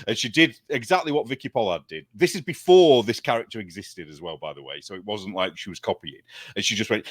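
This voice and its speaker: British guy on a chat show, lively, laughs a lot, dry sound. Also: fairly low pitch, fast talker, no echo. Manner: animated storyteller, laughs often. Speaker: guest. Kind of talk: casual chat.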